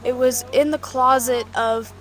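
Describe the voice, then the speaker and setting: High-voiced woman co-hosting in the cold. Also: fairly even intonation, a little slow. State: chilly, with allergies. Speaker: livestream co-host. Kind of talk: casual live chat. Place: outdoors at a golf course at night.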